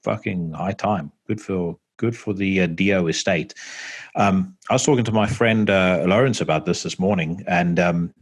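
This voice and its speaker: A podcast host with a low, husky voice chats casually at normal speed from his home setup. He rambles, using lots of fillers and the occasional swear word.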